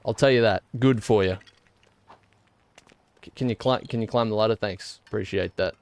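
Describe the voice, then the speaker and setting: This Australian gaming streamer talks casually on his live stream as he plays, rambling and joking with mock indignation. He speaks at a moderate pace in a fairly low-pitched, darkish-toned voice, with no room sound.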